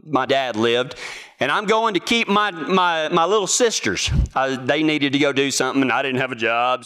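High-pitched, pushed and bright, this young man's voice carries a folksy, self-amused anecdote. He's telling it casually and performs the voices of the other people involved.

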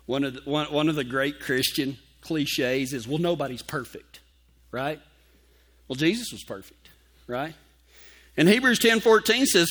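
A pastor tells a folksy story from the pulpit. His voice sits high and sounds bright and forceful, and he softens to a hush when he reads scripture. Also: expressive, moderate pace. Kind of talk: sermon with personal story.

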